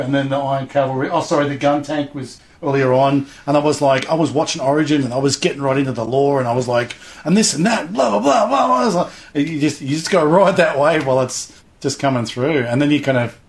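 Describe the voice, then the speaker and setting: A man's voice: medium pitch, fairly even intonation, brisk. A middle-aged man chatting casually in an interview, rambling enthusiastically and acting out little voices as he talks. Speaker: guest, hobby show host.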